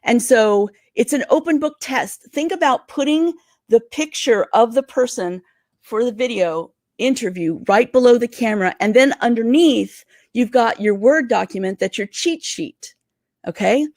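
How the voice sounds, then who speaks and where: A woman career coach giving interview tips in a livestream, talking fast and excitedly. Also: a little high, no echo, clean studio sound. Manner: energetic, talks fast and excitedly.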